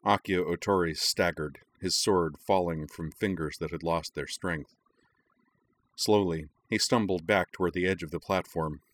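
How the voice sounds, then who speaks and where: A man reads a story aloud with steady, dramatic narration. His voice is very deep. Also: normal speed. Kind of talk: audiobook reading of fan fiction.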